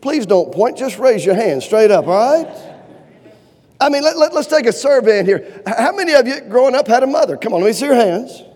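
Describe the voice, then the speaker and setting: Folksy preacher guy with a really high voice, cracking jokes, big echoey church hall. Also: fairly quick. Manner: folksy, animated, calls for amens and shows of hands. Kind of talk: humorous sermon. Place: church auditorium. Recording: long reverb of a large hall.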